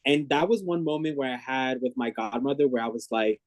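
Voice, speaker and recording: A man of ordinary pitch speaks as the interview guest, reflecting candidly with many ums and restarts. His voice sounds close and dry. He talks openly and at length. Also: brisk, dry recording.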